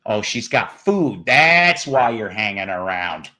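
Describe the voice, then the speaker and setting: A man's voice: on the low side, big pitch swings, slow pace, pushed and bright, a little hiss or hum. A man hosting a casual live stream, rambling and joking with viewers with crude humor. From northern United States.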